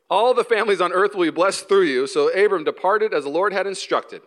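A man's voice: high voice, animated, fairly quick, few pauses, a bit bright. A male pastor preaching a sermon, telling stories animatedly and acting out both sides of conversations. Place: church hall. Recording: reverberant hall.

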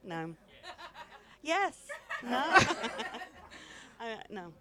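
A woman's voice: fairly high pitch, big pitch swings, very slow, crowd noise. A woman in her fifties, a stand-up comedian chatting on stage in a put-on mock Russian accent, bawdy and self-mocking, laughing through her lines. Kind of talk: comic chat interview on stage.

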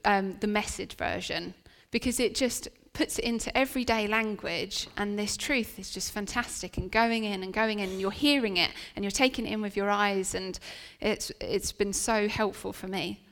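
A woman's voice: medium pitch, moderate pace, few pauses, fairly bright tone. A woman preaching a sermon in a church venue, telling a personal story in an earnest, chatty way with frequent restarts. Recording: long reverb of a church hall.

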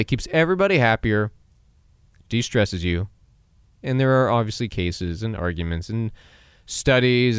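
A man's voice: medium pitch, smooth, dry recording, clean studio sound. A man in his twenties hosting a solo podcast, talking casually and giving pep-talk advice, acting out quotes and laughing at himself. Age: 20s. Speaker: podcast host.

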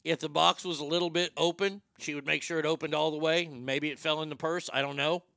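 A middle-aged man working a stand-up crowd with a crude, animated delivery. His voice is bright and forceful, pitched a touch high for a man, and the sound is close and dry with no room around it. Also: fast, creaky, dry recording. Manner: crude, animated, acts out quotes. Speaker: stand-up comedian. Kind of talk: stand-up storytelling.

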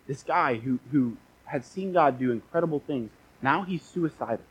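A man preaching a sermon, telling a scripture story in casual modern words with lively restarts, and reading passages aloud. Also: fairly high pitch, unhurried, slightly rough, no echo, rough recording. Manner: reads scripture aloud in old-fashioned wording.

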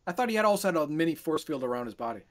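A man's voice: a little high, sing-song, racing. A man co-hosting a podcast, chiming in with short dry remarks. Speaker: podcast co-host. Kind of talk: casual chat.

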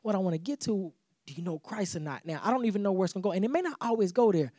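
A pastor with a high voice preaches very fast with no room sound. His sermon is animated and conversational, loose and repetitive, with little dialogues acted out.

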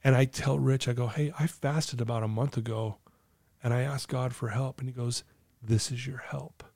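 Middle-aged man, earnest storyteller, mellow voice, dry close mic. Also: mid-range voice, fairly even intonation, moderate pace, no echo. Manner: earnest, acts out quoted dialogue. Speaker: guest telling his story. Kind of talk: casual storytelling conversation.

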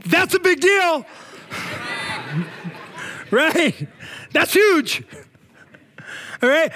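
High-voiced man preaching a fiery sermon. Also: big pitch swings, very slow, pauses often. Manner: shouting bursts of praise, casual slang. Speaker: pastor. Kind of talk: energetic sermon.

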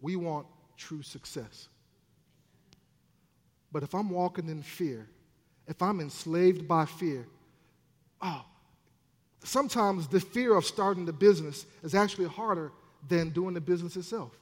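High-voiced preaching man, animated and playful. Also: unhurried, long pauses. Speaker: minister. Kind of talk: sermon. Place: church sanctuary. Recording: long church hall reverb.

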